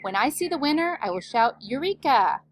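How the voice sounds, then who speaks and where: Mom reading as a puffed-up professor guy, lively singsong delivery. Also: very high voice, fast talker, voice pushed up. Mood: pompous. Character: pompous male professor scientist judge.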